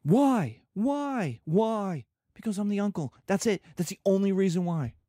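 Animated man lecturing as a professor. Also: high voice, measured pace, dry recording, studio quality. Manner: animated, acts out little scenes, asks and answers his own questions. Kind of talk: lecture to students.

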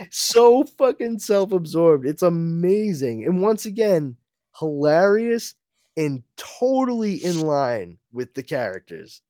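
A man's voice: fairly high pitch, dark tone, dry recording, clean studio sound. A man co-hosting a podcast, recapping a comic book in a casual, laughing way with many fillers. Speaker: podcast co-host.

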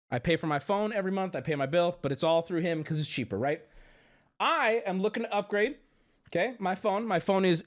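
A young adult man telling a rambling story to his stream chat, animated and swearing, jumping between high exclamations and low mumbles.

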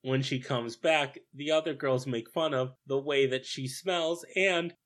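A man's voice: medium pitch, measured pace, fairly bright tone. A man co-hosting a casual film review, speaking with dry scorn. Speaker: podcast co-host.

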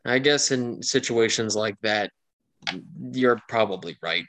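A man's voice: on the low side, measured pace, a bit bright. A man voicing a weary, pragmatic male wilderness guide in a tabletop game, giving grim, matter-of-fact warnings.

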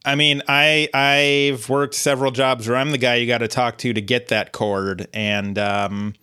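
A man's voice: medium pitch, level tone, measured pace, sharp tone, clear, resonant tone. A man co-hosting a podcast in casual chat, rambling through stories with lots of fillers and restarts. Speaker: podcast co-host.

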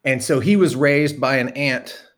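A man's voice: mid-range voice, a little slow. A man telling a long personal story in a casual, rambling way, with many ums, asides and the odd swear word. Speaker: storyteller guest.

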